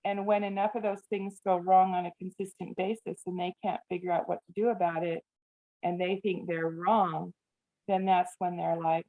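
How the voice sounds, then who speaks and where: A woman's voice: lowish voice, level tone, moderate pace, dark tone. A woman who works as a family therapist, talking earnestly in an interview, sometimes mimicking a scolding parent. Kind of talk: podcast interview. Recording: tinny phone-like remote line.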